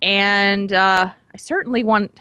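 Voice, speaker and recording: A woman's voice: medium pitch, steady tone, takes it slowly, bright, forceful tone, smooth, no echo. A woman in her thirties co-hosting a podcast in casual chat, laughing often as she talks. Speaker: podcast co-host.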